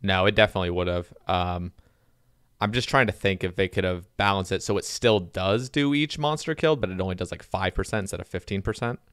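A man hosting a casual gaming podcast, talking in a relaxed, rambling way. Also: deep voice, a little fast, clear, resonant tone, no room sound, clean studio sound. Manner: relaxed, rambling with many "like" fillers. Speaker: podcast host.

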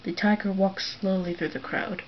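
A woman's voice: mid-range voice, level tone, moderate pace, muffled recording. Woman reading a story, often whispering. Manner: soft, often drops to a whisper for narration.

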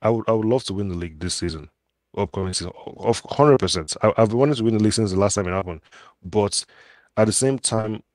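A man talking in a measured, somewhat hesitant way in a casual football debate. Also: on the low side, darkish tone, dry recording. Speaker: Chelsea fan pundit.

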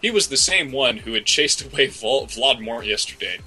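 Bright-voiced man reading deadpan. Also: mid-range voice, moderate pace, breathy edge, low-quality recording. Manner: deadpan, breaks into laughter. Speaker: podcast co-host. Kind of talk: comedic dramatic reading. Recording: faint music bed behind.

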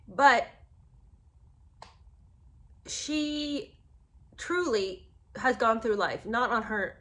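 A woman's voice: mid-range voice, fairly bright tone. A woman giving casual, sarcastic commentary on a book, talking straight to her viewers and often rising into indignant disbelief.

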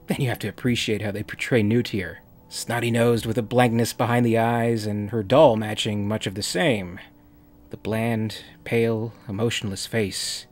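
A man's voice: on the low side, level tone, normal speed, faint music behind. A man narrating a comic review as host, in a dry, wry manner. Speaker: video essay host.

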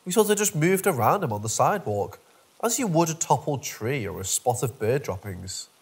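A man's voice: fairly high pitch, breathy edge. A man narrating a first-person horror story from a script, in a dry, wry storytelling manner.

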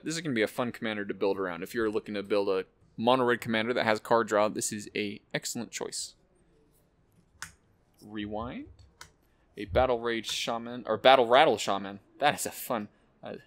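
Excitable guy ripping open card packs, reading off names fast, goofy little jokes. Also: on the low side. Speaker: host opening card packs. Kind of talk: casual unboxing commentary.

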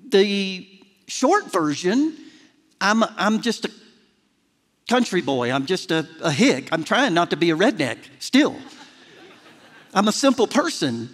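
A middle-aged man preaching a folksy, self-deprecating sermon to a church congregation, building to emphatic peaks. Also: sits high. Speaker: pastor. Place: large church sanctuary. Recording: long hall reverb of a church.

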